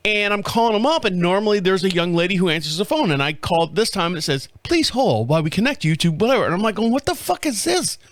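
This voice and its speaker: A middle-aged man hosting his own show, telling a story in a casual, profane, animated way and laughing at himself. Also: high voice, quick pace, few pauses, a little hiss or hum. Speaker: podcast host. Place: home studio.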